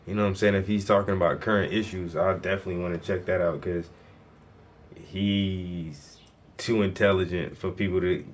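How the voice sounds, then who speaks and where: Laid-back deep-voiced man, slangy. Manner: laid-back slangy talk, lots of "bro" and "yo". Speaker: livestreaming painter. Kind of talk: casual livestream chat.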